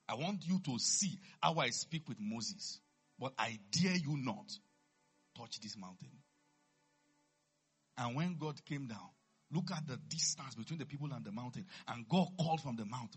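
A man preaching a sermon, reading scripture low and measured, then building to loud, high-pitched shouts. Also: expressive, husky, faint music behind.

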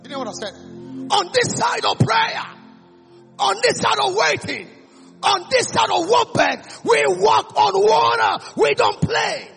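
A man preaching a call-and-response sermon at a church service, shouting exhortations and repeating phrases for the congregation to echo. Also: very high-pitched, big pitch swings, a little slow, creaky, faint music behind.

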